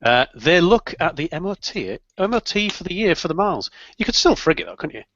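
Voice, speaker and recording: A man's voice: sits high, very animated, brisk, fairly bright tone. A British man chatting casually with friends, telling stories with dry humour on a group call. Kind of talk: casual group chat on a live stream. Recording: dull lo-fi call audio.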